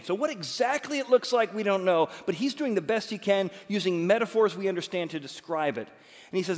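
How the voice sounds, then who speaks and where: A male pastor delivering a lively sermon, joking with the crowd in quick asides. His voice sits a little high for a man. A long reverb trails every phrase, as in a big hall.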